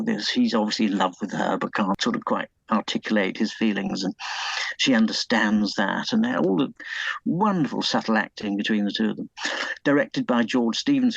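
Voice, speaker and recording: A man's voice: on the low side, gravelly, slightly rough, no room sound, lo-fi sound. A man being interviewed about his book, hesitant and full of fillers and restarts, enthusing about old films. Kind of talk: conversational interview.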